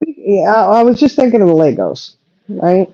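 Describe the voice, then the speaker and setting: Rambling middle-aged woman, mellow and dry. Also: mid-range voice, sing-song, normal speed, dry recording, muffled recording. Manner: rambling, chatty, trailing off. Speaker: livestream co-host. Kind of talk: casual chat.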